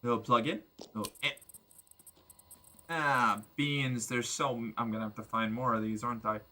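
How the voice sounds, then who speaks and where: A man streaming a game, giving excitable, joking commentary with crude humor. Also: medium pitch, normal speed, slight background noise. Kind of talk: gameplay commentary.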